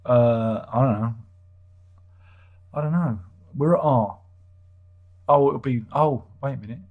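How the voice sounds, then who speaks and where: A man's voice: medium pitch, a little slow, narrow, tinny audio. A man hosting a casual livestream, reading out chat comments in a rambling, self-interrupting, wry way.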